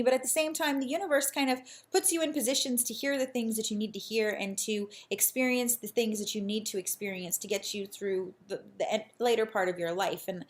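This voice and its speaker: Earnest woman reflecting in a casual vlog. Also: mid-range voice. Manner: earnest, reflective, many restarts. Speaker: real estate agent and vlogger.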